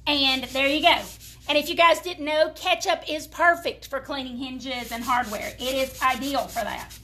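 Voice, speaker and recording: There's a little hiss or hum behind this woman's high, steady, bright, and forceful voice, which moves at a moderate pace. With a Southern US accent and roots in the American South, she gives a folksy, chatty live furniture-painting demo to her viewers.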